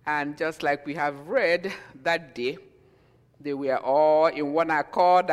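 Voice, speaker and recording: A man preaching a sermon as pastor, storytelling that swings between hushed and emphatic. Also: a little high. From Nigeria. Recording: long hall reverb.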